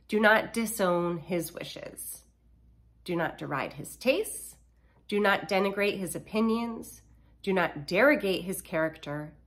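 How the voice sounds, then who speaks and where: A middle-aged woman hosting a podcast, reading numbered parenting principles aloud in a measured, deliberate way. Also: on the low side, a bit bright. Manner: measured, reads lists deliberately. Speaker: podcast host.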